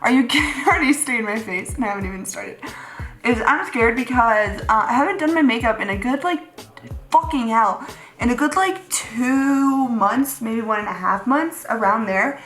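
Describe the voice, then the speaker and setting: A young woman talks through her makeup in a rambling, offhand way, dropping casual swears. Her voice sits a little high. The room has a noticeable echo, with faint music underneath. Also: lively intonation, moderate pace, a bit bright. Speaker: beauty vlogger. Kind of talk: casual chat while doing makeup. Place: room at home, seated at a makeup chair. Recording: roomy echo.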